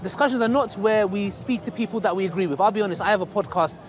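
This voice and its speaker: A man hosting, talking casually to camera outdoors in a halting, conciliatory way. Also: high voice. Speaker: host, debater. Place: outdoor public park. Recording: crowd noise outdoors.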